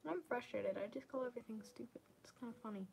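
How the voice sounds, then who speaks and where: A young woman live-streaming as she paints, chatting casually to her viewers in a rambling, self-deprecating way that often sinks into quiet murmurs. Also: fairly high pitch, quick pace, gravelly, a little hiss or hum. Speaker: livestreamer.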